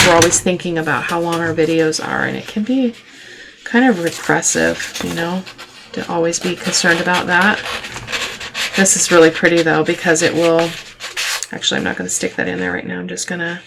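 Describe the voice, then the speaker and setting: A woman's voice: on the low side, vocal fry, noisy background. Chatty woman demonstrating paper crafts. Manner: chatty, affectionate, thinking aloud with fillers. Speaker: craft video host. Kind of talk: casual craft tutorial.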